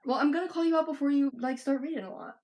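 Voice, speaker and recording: A woman's voice: high-pitched, rapid-fire, dull audio. A young woman hosting a casual video, reading her own fan fiction aloud with lots of giggling and self-mockery. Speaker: video host.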